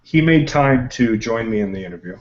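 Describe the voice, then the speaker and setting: A man's voice: mid-range voice, expressive, brisk. A man hosting an online group chat who explains things at length in an articulate, conversational way. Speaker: host of an online discussion group. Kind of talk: casual group video chat. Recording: dull lo-fi web call audio.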